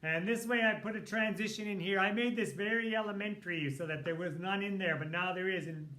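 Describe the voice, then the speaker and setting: A man's voice: sits high, fairly quick. A man teaching a writing lesson, talking casually and thinking aloud as he edits a sample text. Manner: relaxed, thinking aloud with fillers. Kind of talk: recorded lesson walkthrough.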